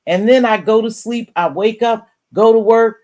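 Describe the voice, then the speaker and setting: A woman's voice: on the high side, normal speed, mellow. A woman hosting a live stream, giving casual commentary in a blunt, profane, chatty way and greeting viewers by name.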